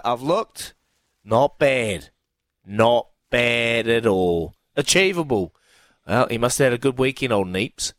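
Chatty kiwi radio host, dry sound. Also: male voice, medium pitch, animated, fairly bright tone, dry recording. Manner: chatty, matey, quick reactions. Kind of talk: casual sports radio chat.

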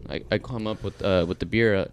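A man's voice: lowish voice, steady tone, fast talker, slight background noise. A man from California, co-hosting a casual podcast chat over beers, telling rambling stories and swearing freely. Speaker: podcast co-host.

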